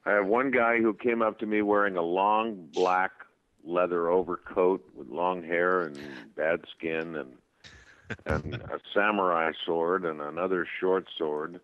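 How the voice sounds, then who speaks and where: A man being interviewed as a guest actor, telling anecdotes in a casual, animated way. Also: deep voice, a little slow, no echo. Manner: animated anecdotes with voiced quotes and laughs. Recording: tinny phone line.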